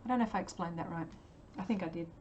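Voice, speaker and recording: A woman's voice: fairly low pitch, very fast, a little mellow, highs cut off, a little hiss or hum. Chatty Australian woman full of ums. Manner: chatty and hesitant, many ums, laughs often. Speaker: livestream artist. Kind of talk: casual livestream chat while painting.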